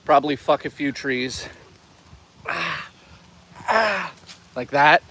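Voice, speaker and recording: A man talking casually to his live chat while walking outdoors in the woods, excitable, joking and swearing a lot. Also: fairly high pitch, takes it slowly, slight background noise. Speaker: live streamer. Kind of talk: casual live-stream chatter.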